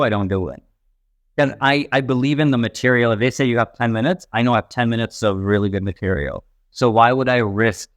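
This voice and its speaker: A young stand-up comedian from a Pakistani family who grew up in Texas, telling stories in a rambling, animated way full of fillers. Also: male voice, mid-range voice, no room sound, clean studio sound. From Pakistani family, raised in Texas, later Canada. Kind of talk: casual interview talk.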